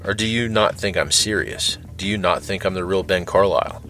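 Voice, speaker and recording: A cruel, taunting male captor, read by a man with a very deep, low voice. He speaks coldly and mockingly, savoring his threats. Faint music hums underneath. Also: a little fast, bright, forceful tone. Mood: menacing. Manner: taunting, cold.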